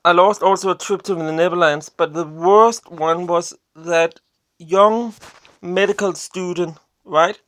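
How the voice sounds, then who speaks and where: Slow, halting vlogger with a Danish accent. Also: mid-range voice, steady tone, a bit bright, dry recording. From Denmark. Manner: halting, often searching for English words; blunt and complaining. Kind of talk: casual personal storytelling to camera.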